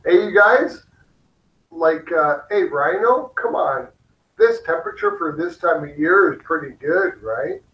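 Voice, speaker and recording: A man in a casual chat, talking slowly in a loose, relaxed drawl. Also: high-pitched, roomy sound, muffled recording.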